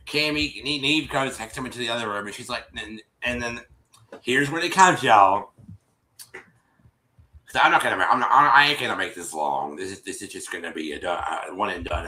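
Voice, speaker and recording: A man hosting a stream, retelling a reality episode in casual chat, animated and exasperated, with many restarts. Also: mid-range voice. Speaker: show host recapping an episode. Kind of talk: casual storytelling recap. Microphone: streaming setup. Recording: echoey room.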